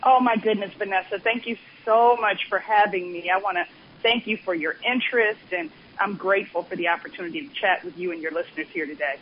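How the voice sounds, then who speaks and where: A woman's voice: mid-range voice, quick pace. A woman business coach speaking as a guest on a radio interview, enthusiastic and emphatic. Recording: dull lo-fi sound with faint noise.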